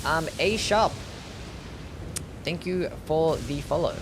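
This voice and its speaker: With a slightly high voice, a young man takes his time chatting over music during a game stream. He curses without restraint and reads messages from his chat aloud in this relaxed livestream commentary.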